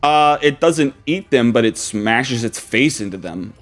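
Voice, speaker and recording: A man running a tabletop game as dungeon master over a video call, describing the scene in a relaxed, rambling way. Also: medium pitch, measured pace, faint music behind. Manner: laid-back, chuckling, rambling descriptions.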